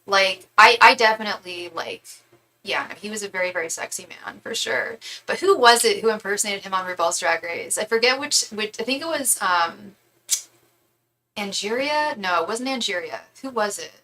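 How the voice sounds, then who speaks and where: Young woman, bright and chatty, livestream host, gushes, restarts a lot, webcam mic at home. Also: medium pitch, lively intonation, moderate pace, rough recording. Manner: chatty and gushing, many fillers and restarts. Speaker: tarot reader and psychic livestream host. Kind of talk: casual livestream chat reading comments.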